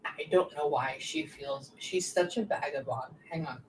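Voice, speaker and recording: A woman working as a psychic medium, relaying messages in quick bursts and often pausing to say "hang on" during a live reading session. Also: sits low. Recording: echoey room, distant mic, faint background noise.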